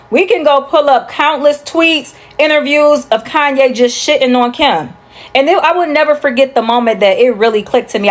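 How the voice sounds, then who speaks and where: A woman speaking candidly and conversationally in a casual opinion video, with some swearing. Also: a little high.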